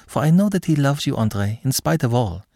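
A man voicing an earnest young woman who pleads eagerly and warmly for a friend. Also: medium pitch, big pitch swings, fairly quick, vocal fry, no echo, clean studio sound, voice pushed up. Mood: pleading.

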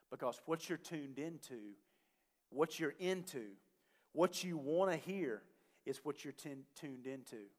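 A male pastor preaching a sermon, swinging between loud emphasis and quiet asides. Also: fairly high pitch, animated, a little slow. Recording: long hall reverb.

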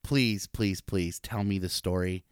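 A man's voice: deep voice, steady tone, unhurried, clean tone, no room sound, studio quality. Eager slangy male podcast host. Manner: eager, slangy, says "dude". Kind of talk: casual interview chat.

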